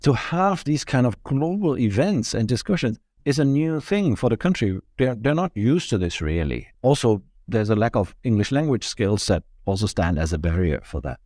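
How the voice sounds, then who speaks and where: A man speaking as a guest in an interview, giving measured, point-by-point explanations as a think tank director. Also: mid-range voice, big pitch swings, a little mellow, no room sound, clean studio sound. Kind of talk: podcast interview answers.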